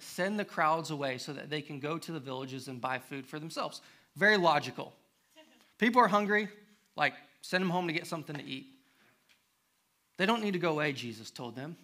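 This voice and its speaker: Male pastor, sermon; fairly high, tense voice; reads scripture, then builds to emphatic appeals. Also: pushed and bright. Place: church.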